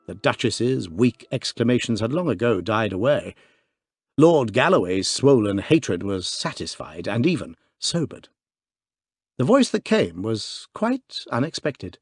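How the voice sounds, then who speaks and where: A man narrating a classic detective story in an expressive, dramatic reading. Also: mid-range voice, a little slow, slightly rough, no echo, clean studio sound. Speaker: audiobook narrator. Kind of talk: scripted narration.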